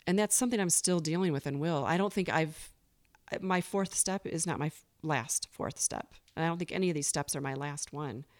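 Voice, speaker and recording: Earnest woman guest, fairly low voice. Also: fairly quick. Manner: earnest and open, acting out her own past thoughts. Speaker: podcast guest. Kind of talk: candid recovery interview.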